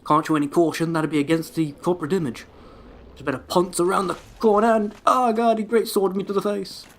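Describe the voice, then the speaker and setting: A man voicing a sulky, dim-witted male wraith enemy in a mocking, drawn-out sing-song, as an aside while playing a game. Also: high voice, fairly even intonation, a little hiss or hum, voice pushed up. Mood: pompous.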